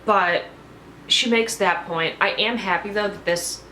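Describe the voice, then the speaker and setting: Brief: female reality-show recapper, chatty and expressive, roomy echoey sound. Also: medium pitch, a little slow, a little hiss or hum. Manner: chatty and expressive, with many fillers like "like". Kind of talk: casual recap vlog. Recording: roomy echo.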